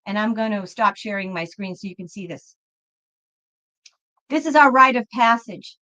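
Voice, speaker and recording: A woman's voice: medium pitch, animated, normal speed, bright, forceful tone. A woman hosting a tarot reading livestream, talking casually and reassuringly to her viewers, whom she calls folks. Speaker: tarot reader and livestream host.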